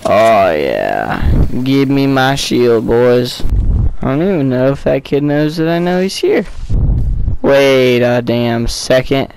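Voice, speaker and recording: A young man giving casual, jokey commentary while playing a video game, breaking into excited yelps. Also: medium pitch, slow, a little hiss or hum, low-quality recording. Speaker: gaming video creator.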